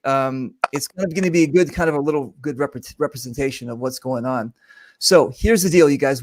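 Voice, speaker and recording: Man host, joking rambly talk show on a video call, fairly high voice, dry sound. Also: no echo. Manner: joking, rambling, many fillers. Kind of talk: casual video-call chat.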